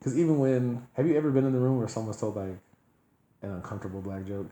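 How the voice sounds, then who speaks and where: A man's voice: medium pitch, little pitch movement, fast talker, warm tone. A man hosting a podcast, telling stories in a loose, laughing way during casual chat. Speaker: podcast host. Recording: echoey room.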